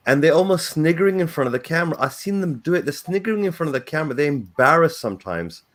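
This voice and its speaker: A man co-hosting a football podcast, building an indignant point. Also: mid-range voice. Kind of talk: football talk.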